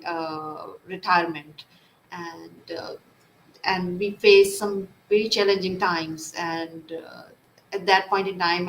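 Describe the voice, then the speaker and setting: Woman guest on a live interview, soft-spoken, halting with fillers, roomy echo. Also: fairly low pitch. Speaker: guest psychologist. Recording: echoey room with faint noise.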